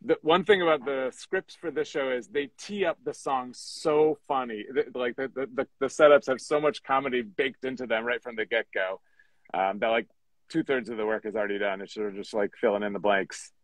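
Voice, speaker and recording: A mid-pitched man from Michigan talks about songwriting in a loose, joking, self-deprecating way. His voice sits close and dry on the mic, with quick asides. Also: fairly bright tone, no room sound, low-quality recording. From Michigan, USA. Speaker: songwriter guest. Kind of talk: casual podcast chat.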